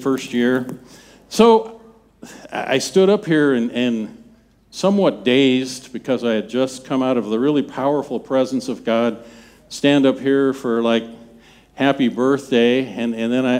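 A man in his seventies, a pastor preaching a sermon in a church, talking in a conversational, halting way with many restarts. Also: mid-range voice, darkish tone. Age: 70s. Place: church sanctuary.

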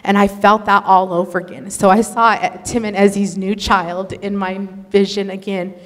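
A woman telling an emotional religious testimony in an earnest, animated storytelling manner. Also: medium pitch, moderate pace. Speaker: speaker sharing a testimony. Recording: echoey hall.

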